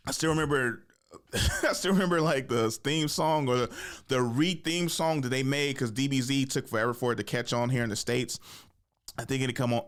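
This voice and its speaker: A man hosting a podcast in animated, profane casual chat, laughing often. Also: medium pitch. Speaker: podcast host.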